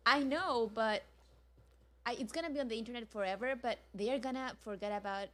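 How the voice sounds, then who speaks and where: A woman's voice: a little high, fairly quick. A woman on a podcast panel, chatting playfully and laughing between remarks. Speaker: panel guest. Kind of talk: casual panel chat.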